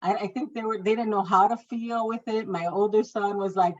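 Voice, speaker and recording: A woman in her thirties tells a personal story in a middle-pitched voice. When she quotes people, she raises her voice and makes it livelier. The recording sounds a little dull and lo-fi. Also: steady tone, fairly quick. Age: 30s. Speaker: guest sharing her testimony.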